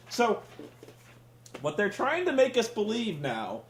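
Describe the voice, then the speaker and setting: A man's voice: sits high, huge pitch swings, slow pace, pauses often, roomy sound, a little hiss or hum. A man hosting a casual comedic rant, sarcastic and profane, sounding exasperated. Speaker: podcast host reviewing wrestling.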